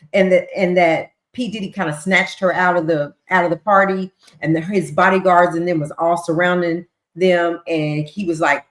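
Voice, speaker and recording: Chatty woman livestream host, roomy sound. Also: lowish voice. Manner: chatty, retells with voiced quotes and ad-libs. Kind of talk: casual recap of trial testimony. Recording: roomy echo.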